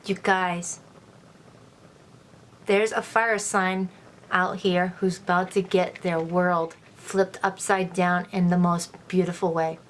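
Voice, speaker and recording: A woman giving a casual tarot love reading to her viewers, gushing and exclaiming with excitement as she turns the cards. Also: lowish voice, slow, slight background noise. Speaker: tarot reader.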